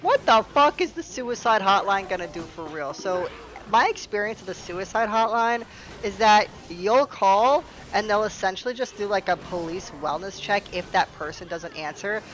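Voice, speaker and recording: A woman's voice: medium pitch, expressive, moderate pace, a little hiss or hum, rough recording. A sarcastic, swearing young woman telling a story. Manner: sarcastic, profane, exasperated. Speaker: storytime streamer. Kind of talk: storytime vlog.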